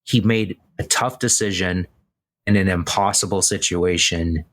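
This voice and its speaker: A man's voice: sits low, steady tone, measured pace, fairly bright tone. A man hosting a podcast, talking through a film in a loose, rambling way, full of "like" and "right?". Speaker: podcast host. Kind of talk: casual film discussion.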